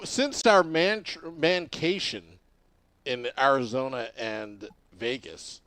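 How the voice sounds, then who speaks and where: A man's voice: mid-range voice, sing-song, slow, a bit bright, no room sound. A young man hosting a podcast in casual chat, telling stories animatedly with laughs and restarts. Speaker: podcast host.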